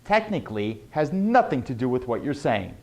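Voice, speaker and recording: A man's voice: sing-song, darkish tone. A man teaching sales tonality, drawing out his words and firing rhetorical questions. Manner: swooping exaggerated pitch, emphatic and drawn out; rhetorical questions, fast asides. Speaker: sales trainer. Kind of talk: motivational sales lesson.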